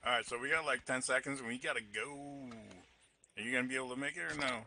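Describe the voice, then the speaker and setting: A man's voice: medium pitch, fast, pushed and bright, slight background noise. A man teaming up in a shooter game, laid-back and swearing, shrugging off bad luck. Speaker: teammate in a game stream. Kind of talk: casual gaming chat.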